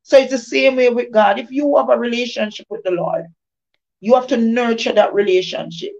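Her voice is fairly high, a little mellow, steady in tone and fairly quick as she gives an informal devotional testimony. Repeated phrases land with emphatic preaching rhythm, and the lo-fi recording sounds dull.

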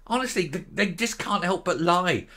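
A man's voice: high-pitched, expressive, normal speed, bright, forceful tone. A middle-aged man hosting a political commentary show, ranting in a sarcastic, mocking, scornful way.

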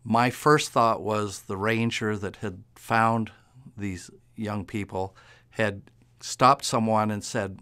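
A male police officer recounting a phone call in a measured, matter-of-fact way. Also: on the low side, fairly even intonation, sharp tone, smooth. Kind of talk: recalled interview testimony.

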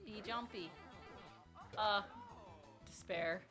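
A woman co-hosting a casual let's play, excitable, squealing and making silly beep noises as she plays. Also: medium pitch, very slow, over music. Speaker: gameplay co-host.

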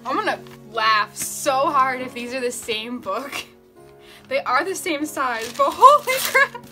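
Young woman, high bright voice, gushing unboxing vlogger, light music under her. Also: a little slow. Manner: gushing, excitable, chatty with fillers. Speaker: book vlogger. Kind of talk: casual unboxing vlog.

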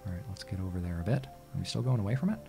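Exasperated low-voiced gamer man swearing. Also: very fast, creaky, music in the background. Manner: exasperated, swears and talks to the game. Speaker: gaming channel host. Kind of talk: casual let's-play gameplay commentary.

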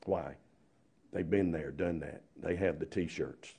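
A man's voice: deep voice, slow, gravelly, mellow, husky. A man preaching a sermon, emphatic and full of rhetorical questions.

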